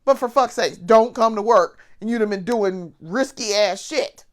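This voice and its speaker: A woman's voice: mid-range voice, moderate pace. A woman vlogger ranting bluntly while sick and congested, swearing freely and restarting her sentences. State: sick with covid, congested and coughing. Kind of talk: casual vlog rant.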